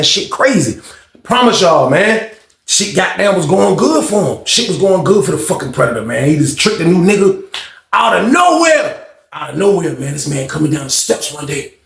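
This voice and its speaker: A man casually retelling a jail story with slangy, profane, animated talk. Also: a little high, gravelly. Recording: echoey room.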